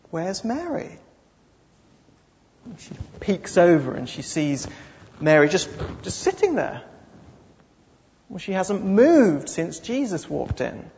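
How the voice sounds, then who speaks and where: A man's voice: fairly high pitch, darkish tone, a little hiss or hum. A man preaching a sermon with dramatic storytelling and repeated phrases. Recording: dull lo-fi sound with long hall reverb.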